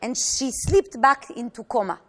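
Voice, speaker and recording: High-voiced woman telling a heartfelt story. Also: expressive. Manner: earnest, halting delivery that acts out quoted voices. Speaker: teacher. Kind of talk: personal storytelling.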